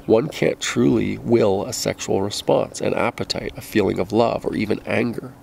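A man reading a nonfiction book aloud in a measured, deliberate way, stopping now and then to correct himself. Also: on the low side, steady tone, creaky, darkish tone, a little hiss or hum. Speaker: audiobook reader.

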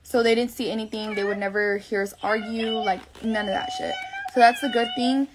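A woman's voice: a little high, very animated, normal speed, noisy background. A young woman telling a long personal story on a live stream in a rambling, profane, emotional way. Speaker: livestreamer.

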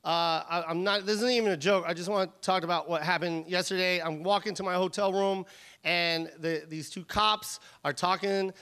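A man from Los Angeles doing an animated, profane stand-up set. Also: high-pitched, normal speed, smooth. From Los Angeles, USA. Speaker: stand-up comedian. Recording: comedy club mic with crowd noise.

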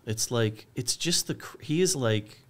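A man's voice: mid-range voice, expressive, measured pace. A middle-aged man as a filmmaker guest, talking casually and searching for words with many restarts. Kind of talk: casual conversation.

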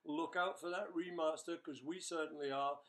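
Older male musician, casual webchat, jokey and rambling, slightly high-pitched speaking voice. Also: fairly even intonation, normal speed, a bit bright. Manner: chatty, jokey, rambling with fillers. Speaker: rock musician answering fan questions.

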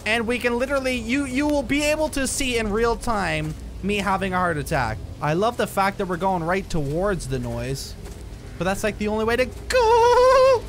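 A man's voice: high voice, very animated, normal speed, noisy background. A young man playing a horror game and commenting on it, jumpy and exclaiming, with bursts of nervous laughter. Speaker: gaming YouTuber. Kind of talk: horror let's play commentary.

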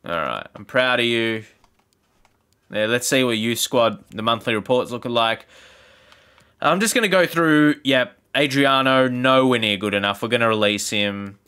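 Guy doing game commentary, annoyed and sarcastic, ordinary mid pitch, voice shoots way up when something exciting happens. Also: normal speed, clear, resonant tone. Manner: frustrated ranting, sarcastic, jumps into excited high exclamations. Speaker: gaming YouTuber. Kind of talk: gameplay commentary.

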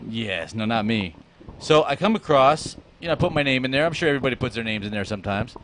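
A man's voice: mid-range voice, animated, quick pace, background noise. A man hosting a casual radio talk show, joking and laughing easily in a studio.

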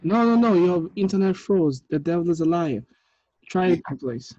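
A man directing a table read over a video call, animated and joking as he gives notes. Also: high voice, normal speed, dry recording, muffled recording. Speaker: film director.

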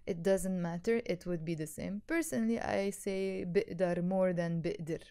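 A woman teaching a language lesson, patiently explaining and repeating words slowly for learners. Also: lowish voice, mellow. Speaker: Arabic teacher.

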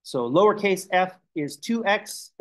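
A man lectures a calculus class, his voice sitting a touch higher than most men's. He explains each step plainly and drifts into chatty, joking asides to the students. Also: expressive, a little slow, fairly bright tone, poor audio. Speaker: math lecturer.

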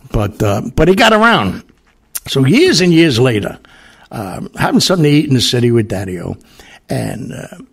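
A man's voice: medium pitch, creaky, husky. A man telling a long personal story in a casual, rambling way, with many fillers and restarts.

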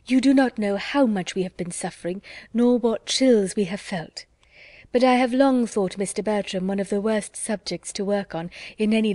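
A woman's voice: mid-range voice, warm tone, no room sound, clean studio sound, lightly acted. A woman voicing a witty, teasing young society woman who speaks archly and playfully in an audiobook. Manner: arch and playful.

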